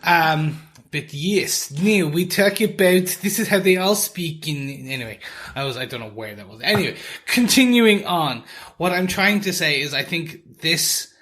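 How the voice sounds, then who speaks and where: A man's voice: fairly high pitch, animated, measured pace, fairly bright tone. A man co-hosting a podcast in casual chat, rambling and correcting himself as he goes. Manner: rambling, self-correcting with many restarts. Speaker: podcast co-host.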